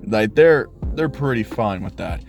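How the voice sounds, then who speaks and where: A young man casually telling a fan-made story, in a loose, slangy style with swearing and quick voiced asides. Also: fairly low pitch, expressive, creaky, darkish tone, faint music behind.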